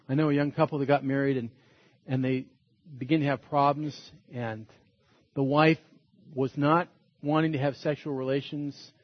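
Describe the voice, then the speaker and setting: A man's voice: medium pitch, dry recording, dull audio. A man preaching a sermon as a pastor, earnest and emphatic, repeating his points.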